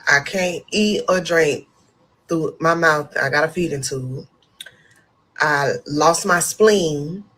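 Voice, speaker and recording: A woman's voice: low voice, takes it slowly. A young woman telling her own story in a storytime video, speaking candidly and acting out what she said and felt. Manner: candid, animated storytelling with vivid retelling. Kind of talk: storytime monologue.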